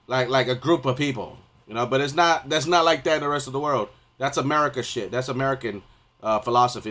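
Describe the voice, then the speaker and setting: A male streamer delivering a rambling, profane rant live, constantly repeating filler phrases and getting loud and heated at times. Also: mid-range voice. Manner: profane, rambling, repeats "you know what I mean".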